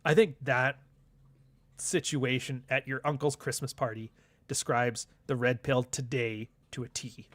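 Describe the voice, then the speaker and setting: A young man hosts a livestream, wandering from point to point in a profane, sardonic rant. His voice sits at an ordinary middle pitch. The recording is dry and close, with no room sound. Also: steady tone, unhurried, a bit bright, no room sound. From Canada. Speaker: livestream host. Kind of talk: casual ranting monologue.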